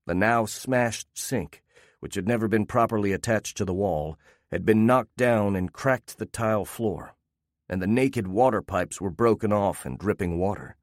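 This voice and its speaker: A man narrating a first-person story in a calm, wry way. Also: on the low side, no echo, studio quality.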